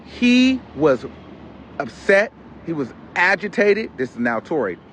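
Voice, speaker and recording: A man with a fairly high voice delivers casual gossip commentary. He retells events dramatically and with loud exclamations, throwing in quoted lines. Faint outdoor traffic noise sits behind him. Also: very animated, unhurried. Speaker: commentary host.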